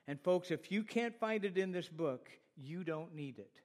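A middle-aged man delivers a sermon in a fairly high voice. He speaks directly to the congregation, asks rhetorical questions and tells stories from his years as a pastor. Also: expressive, measured pace.

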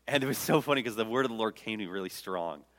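A man's voice: fairly low pitch, rapid-fire, long reverb tail. A man preaching a sermon as pastor, telling the story with humor and acting out the quotes. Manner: lively storytelling, jokes and acts out quotes.

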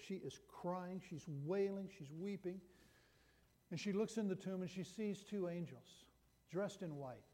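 A man's voice: sits high, warm tone. A man preaching a sermon that retells a Bible story, talking in a conversational way with frequent restarts. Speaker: pastor. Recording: long hall reverb.

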